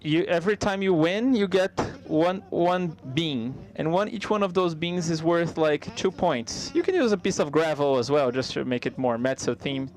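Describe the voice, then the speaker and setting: Male live interpreter voicing a comedy routine; somewhat high pitch, conversational, halting with restarts. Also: a little mellow.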